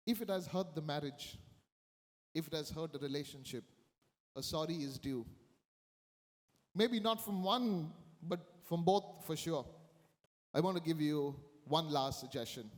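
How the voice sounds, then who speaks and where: A man's voice: on the high side, a little slow, pauses often, in a large hall. A man preaching a sermon as a priest, emphatic and repeating his key phrases.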